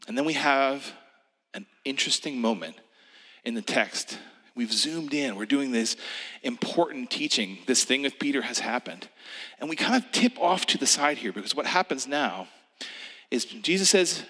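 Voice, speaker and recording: Gentle, hushed male preacher in reverb. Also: medium pitch, expressive, moderate pace. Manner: gentle, hushed, drops to a whisper. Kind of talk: reflective sermon, guided meditation.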